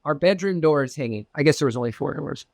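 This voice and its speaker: A man from Southern California spins a personal story for an interviewer, loose and profane, leaping up in pitch whenever he acts out what someone said. His voice sits a little high, and the recording is dry and close with no room sound. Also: fast, creaky, dry recording. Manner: animated, profane, acts out quoted exchanges with big pitch jumps. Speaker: interview guest recounting a UFO experience. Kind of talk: casual storytelling.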